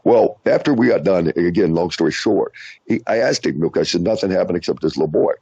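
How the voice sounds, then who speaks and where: Male radio host, low voice, slightly husky, animated storyteller, lo-fi dry recording. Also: no echo. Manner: animated, halting restarts, acts out quoted voices. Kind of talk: casual storytelling interview. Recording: dull lo-fi radio audio.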